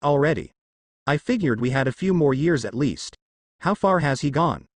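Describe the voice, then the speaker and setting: A man voicing an older grandfather who speaks calmly and with assurance. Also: a little high, normal speed, dry recording.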